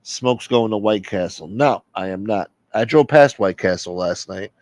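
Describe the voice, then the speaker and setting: A man's voice: fairly low pitch, moderate pace, dry recording. A man hosting a casual livestream, rambling and joking as he reads out chat. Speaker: livestream host.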